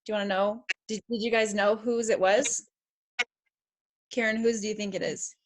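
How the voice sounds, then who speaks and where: A woman's voice: medium pitch, little pitch movement, normal speed. A middle-aged woman confidence coach answering questions on a video call in an enthusiastic, encouraging, emphatic way.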